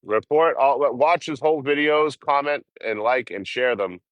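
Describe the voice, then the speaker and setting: A man's voice: mid-range voice, normal speed, fairly bright tone, no echo, highs cut off, pitched above the performer's own voice, close to an everyday voice. A man voicing a sarcastic male online hater who mocks him. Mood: mocking. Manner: mocking, sarcastic.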